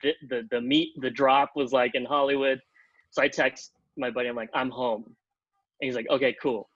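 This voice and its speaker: A man telling a long anecdote on a podcast, animated, acting out the other people in pitched-up voices and leaning on "like" as he talks. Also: normal speed, dry recording, highs cut off. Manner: animated, acts out quotes in pitched-up voices, many "like" fillers. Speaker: podcast guest, TV comedy writer. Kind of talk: casual storytelling.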